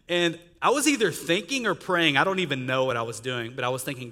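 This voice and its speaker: A man's voice: on the high side, fast, hardly any pauses, sharp tone. A man telling his life testimony as a guest speaker, storytelling in a chatty way with quoted dialogue. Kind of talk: testimony sermon. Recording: reverberant church hall.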